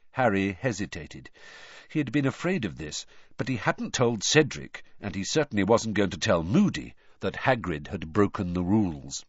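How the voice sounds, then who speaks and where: A man's voice: fairly low pitch, moderate pace, slightly rough, dry recording, muffled recording. A man reading a novel aloud as an audiobook narrator, telling it expressively. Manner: expressive storytelling. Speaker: audiobook reader. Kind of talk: scripted narration.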